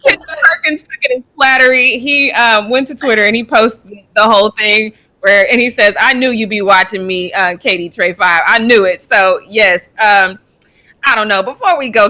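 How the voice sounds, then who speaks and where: Bright-voiced, animated woman co-host. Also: a little high. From Colorado. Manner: animated, laughs easily, stumbles over names. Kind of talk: casual sports chat show.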